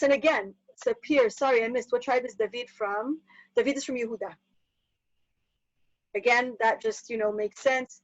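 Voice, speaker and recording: A woman teaching a lively Torah class, explaining quickly and acting out the characters in sudden bursts. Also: fairly high pitch, no echo. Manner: animated, acts out characters in bursts. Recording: dull muffled dry recording.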